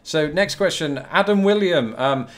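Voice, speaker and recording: A man's voice: fairly high pitch, animated, moderate pace. A young British man with a British English accent, hosting a casual video Q&A and answering viewer questions in a chatty, rambling way with dry, self-mocking humour. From Britain. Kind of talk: casual to-camera Q&A.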